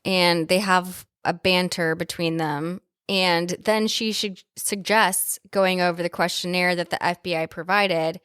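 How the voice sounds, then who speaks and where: A woman's voice: fairly low pitch, steady tone, unhurried, hardly any pauses, a bit bright, smooth, dry recording, clean studio sound. A young adult woman co-hosting a podcast, casually retelling film scenes with playful asides and swearing. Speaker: podcast co-host.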